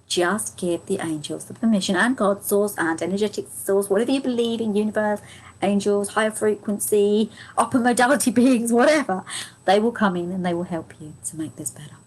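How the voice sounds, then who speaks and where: A woman's voice: mid-range voice, fairly quick, rough recording. A woman giving a live angel card reading to viewers. She is chatty and gushing, laughs often, talks to viewers by name, and her voice is strained and fading.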